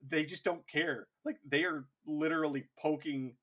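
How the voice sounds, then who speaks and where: A man's voice: a little high, fairly even intonation, moderate pace, fairly bright tone. A man co-hosting a casual podcast, rambling through his points and laughing often. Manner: rambling, many fillers and restarts, laughs often. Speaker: podcast co-host. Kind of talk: casual chat.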